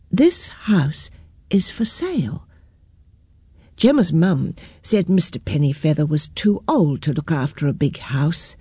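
A woman reads a children's story aloud, slow and gentle. Her voice is soft and breathy with a lively, rising and falling melody, recorded close and dry. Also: medium pitch, dry recording. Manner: gentle, clear storybook reading. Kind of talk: reading a children's picture book aloud.

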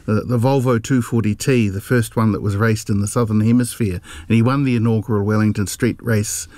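A man's voice: on the low side, fairly even intonation, brisk, a little mellow, no echo. A man, a radio panelist recalling a racing driver in an easygoing way.

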